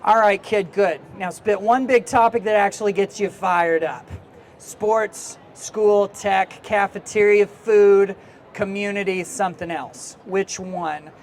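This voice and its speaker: A man voicing a cranky but caring old-school male newspaper editor in a gruff, clipped put-on accent, reading chatbot replies aloud in character. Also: high voice, steady tone, slow pace, slight background noise.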